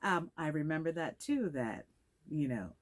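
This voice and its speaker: A woman's voice: deep voice, animated. An older woman from the Caribbean with a Caribbean British accent, speaking as a guest actress in a reflective interview and acting out the voices she quotes. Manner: measured, acts out quoted voices.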